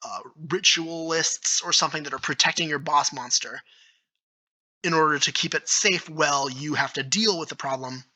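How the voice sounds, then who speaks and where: A man talking solo as a video creator, explaining his own tabletop game rules with eager enthusiasm, thinking out loud with fillers and restarts. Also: fairly high pitch, poor audio. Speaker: YouTube creator.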